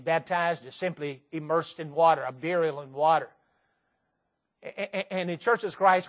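High-voiced Southern preacher, earnest and emphatic. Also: male voice. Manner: earnest, repetitive, slow emphatic phrases. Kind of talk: sermon. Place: church sanctuary.

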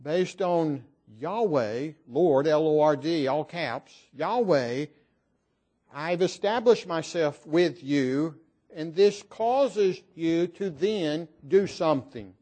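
High-voiced, slow-paced male preacher. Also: lively intonation, warm tone. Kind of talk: sermon.

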